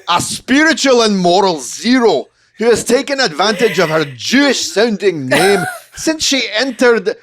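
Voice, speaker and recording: A man's voice: sits high, sing-song, a little slow, hardly any pauses, noisy background, voice pushed up. A man doing a put-on Scottish accent, reading out a zealous statement in mock-earnest, theatrical tones. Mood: mock indignant.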